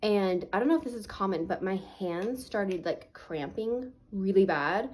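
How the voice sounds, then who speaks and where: A woman's voice: mid-range voice, lively intonation, unhurried, darkish tone, a little hiss or hum, low-quality recording. A woman vlogger telling a personal story to camera in a casual, chatty way, full of "like" fillers, talking through a swollen, sore face. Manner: earnest, faith-minded reflection.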